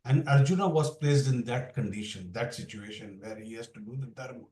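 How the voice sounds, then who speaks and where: His voice is brisk, medium-pitched and dark-toned now as he explains the Bhagavad Gita in a casual, rambling class, blending English and Hindi and restarting often. The mic sits far away, giving a roomy sound.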